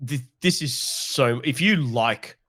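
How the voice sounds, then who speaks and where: A man's voice: mid-range voice, slow, fairly bright tone. A man co-hosting a horror film podcast in casual chat, enthusiastic and swearing freely. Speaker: podcast co-host.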